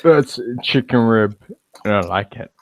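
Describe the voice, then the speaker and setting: A man putting on a gruff, low voice for a boastful beast, speaking slowly with mock grandeur. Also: lightly acted.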